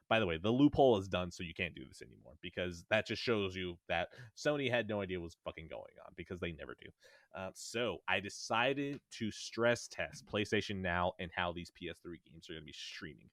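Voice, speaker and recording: A man's voice: deep voice, lively intonation, brisk, a bit bright, dry recording, clean studio sound. A man co-hosting a casual podcast from home, swearing a lot and ranting sarcastically. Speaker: podcast co-host. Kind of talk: casual chat. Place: at home in a bedroom.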